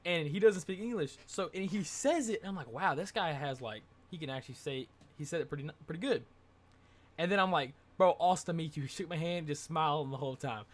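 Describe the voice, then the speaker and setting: A young man telling a casual, rambling vlog story, excitable and full of filler words. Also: a little high, fairly quick. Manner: excitable, rambling, says dude and like a lot. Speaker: vlogger.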